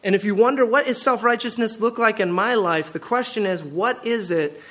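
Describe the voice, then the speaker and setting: A man with a high voice delivers a lively sermon from the pulpit. He keeps firing rhetorical questions at the congregation and swings between playful emphasis and quieter earnest points. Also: normal speed. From Pacific Northwest of the US. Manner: animated, full of rhetorical questions. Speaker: pastor.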